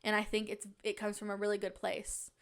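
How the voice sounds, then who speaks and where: This podcast host is a young woman whose medium-pitched voice sounds brisk and smooth. She's in a public place, relating a story conversationally and with plenty of animation, voicing what others said in quotes.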